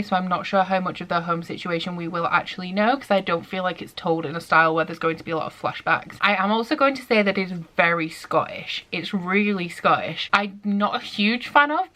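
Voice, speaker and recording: A young woman chatting excitedly in a casual reading vlog, full of "like" fillers. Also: fairly low pitch. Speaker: book vlogger.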